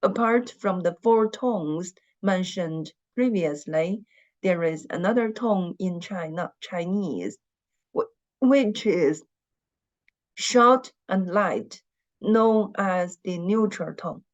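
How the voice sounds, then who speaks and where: A woman teaching an online language class, speaking slowly and patiently and having students repeat after her. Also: on the low side, a little mellow, dull audio. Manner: slow, patient, repeats words for students to echo.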